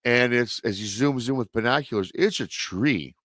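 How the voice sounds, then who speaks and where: A man's voice: mid-range voice, moderate pace, fairly bright tone, no echo. A male host telling a story in a casual, rambling way, full of restarts and stock filler phrases. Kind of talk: casual storytelling on a live show.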